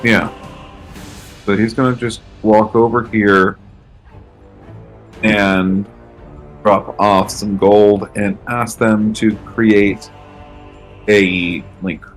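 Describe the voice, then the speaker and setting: A man playing a tabletop game, calmly describing his character's actions. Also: on the low side, very slow, long pauses, soft background music. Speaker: player. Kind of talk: casual tabletop play.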